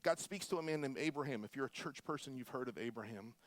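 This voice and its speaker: Animated pastor in his forties, dry sound. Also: mid-range voice, fast, no room sound. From Florida. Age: 40s. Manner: animated, humorous storytelling with quiet prayer. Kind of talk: sermon with storytelling.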